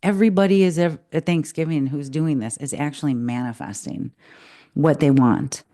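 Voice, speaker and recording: A woman co-hosting a podcast in casual chat, chatty and animated and quick to laugh. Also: low voice. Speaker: podcast co-host.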